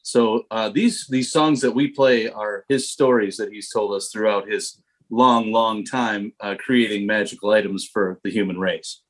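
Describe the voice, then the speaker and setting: A man being interviewed as a band member on a comedy radio show, answering absurd questions in a matter-of-fact, deadpan way. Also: on the low side, a little slow. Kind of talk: comic interview.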